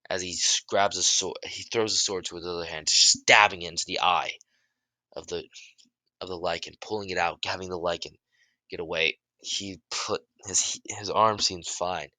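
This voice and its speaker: A man improvising a fan story in halting narration, often restarting his sentences and shouting out the characters' lines. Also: low voice, fairly even intonation, no room sound. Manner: halting, many restarts and self-corrections; bursts into loud shouts for dialogue.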